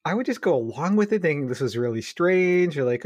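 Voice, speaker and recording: A man co-hosting a physiotherapy podcast, telling a funny story in an animated way, laughing often and using lots of fillers. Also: fairly high pitch, a little fast, dry recording, highs cut off. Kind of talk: casual storytelling chat.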